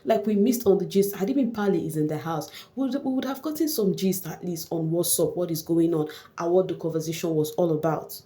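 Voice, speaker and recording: A woman talks in a loose, chatty gossip style, often breaking into exclamations. Her voice sits low and sounds mellow rather than bright. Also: a little fast, few pauses. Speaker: vlogger recapping a reality show. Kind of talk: casual gossip commentary.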